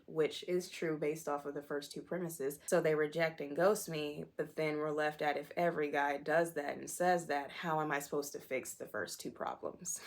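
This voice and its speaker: A young woman in her twenties, talking candidly about her life in a personal vlog. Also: deep voice. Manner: candid, self-deprecating, candid storytelling. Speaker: vlogger.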